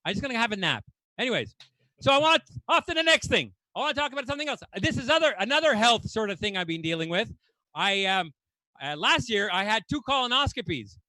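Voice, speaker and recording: A man's voice: very high-pitched, sing-song, brisk, sharp tone, dry recording. A man doing a stand-up comedy set on a club stage, ranting in exasperation and swearing casually.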